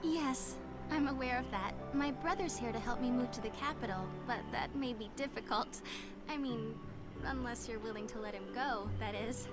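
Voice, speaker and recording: A woman's voice: on the high side, normal speed, lightly acted. An actress playing a composed, polite young woman in a video game. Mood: calm. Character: calm young woman, a general's daughter. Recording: game audio with music behind.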